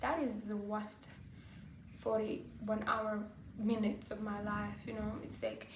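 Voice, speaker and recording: A woman vlogger telling a personal story to camera, halting and full of fillers like "like" and "you know". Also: medium pitch. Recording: roomy echo, faint background hiss.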